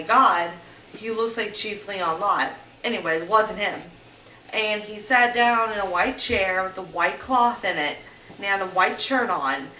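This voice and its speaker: A woman's voice: mid-range voice, pushed and bright. A woman telling personal stories in a vlog, rambling and meandering, often restarting her sentences. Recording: roomy echo, mic at a distance, faint background noise.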